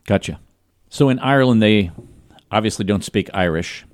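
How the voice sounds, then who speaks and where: A man's voice: on the low side, normal speed, no echo. An American man in a casual chat, asking questions and giving brief replies.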